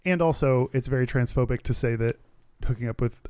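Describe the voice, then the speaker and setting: A man's voice: medium pitch, a little fast, dark tone, clean tone, no echo. A man co-hosting a podcast in casual chat, explaining his points earnestly. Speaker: podcast co-host.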